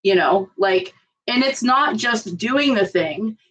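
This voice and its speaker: A woman talks in a measured, reflective way in casual conversation. Her voice sits mid-pitch and sounds muffled. She is far off from the mic. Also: lively intonation, fairly bright tone, slightly rough. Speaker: podcast co-host. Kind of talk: casual chat.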